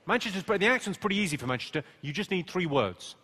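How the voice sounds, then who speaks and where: A man doing stand-up crowd work on a theatre stage, deadpan and mocking with quick comebacks. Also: sits high, breathy edge. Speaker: stand-up comedian. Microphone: stage microphone. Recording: live theatre recording with loud crowd laughter. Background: loud audience laughter.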